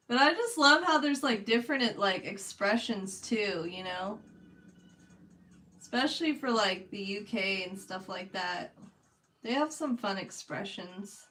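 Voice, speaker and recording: A woman's voice: medium pitch, expressive, measured pace, a bit bright, far from the mic, rough recording. Chatty Californian woman streaming art. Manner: chatty, laughs often, talks to chat. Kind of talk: casual chat while painting.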